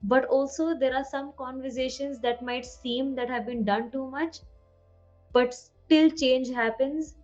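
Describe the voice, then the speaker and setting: A woman's voice: high voice, fairly even intonation, measured pace, a little mellow, highs cut off, faint music behind. A woman co-hosting a podcast in casual chat, earnest and reflective, slipping Hindi words into her English. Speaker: podcast co-host.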